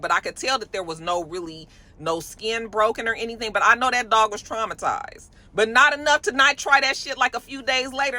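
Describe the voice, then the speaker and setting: Lady ranting on her show, bright sharp voice, cussing a lot, goes from muttering to loud high exclaims. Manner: animated and profane, swings from low mutters to high exclamations. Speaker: host. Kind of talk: casual commentary.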